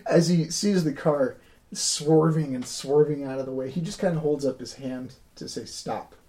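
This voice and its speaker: A man narrating a tabletop game as game master, easygoing, with hesitant pauses. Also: fairly high pitch, dark tone.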